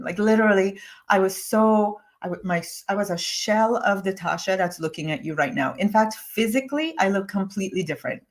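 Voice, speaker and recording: Earnest woman telling her story. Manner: earnest and confessional, rising in pitch as she grows passionate. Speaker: coach and course host. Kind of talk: emotional personal story told to camera.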